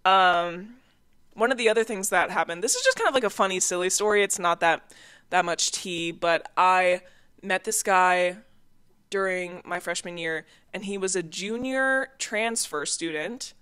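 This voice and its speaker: A woman's voice: fairly low pitch, unhurried, clean tone. Chatty young woman telling dating stories. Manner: chatty, animated, laughs through stories. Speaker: podcast host. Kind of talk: casual storytelling.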